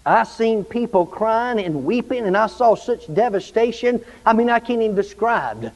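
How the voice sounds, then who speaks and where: Preaching in a church at normal speed, this man has a high-pitched voice with lively intonation, repeating himself fervently and often asking for amens. Long church reverb fills a dull, lo-fi recording.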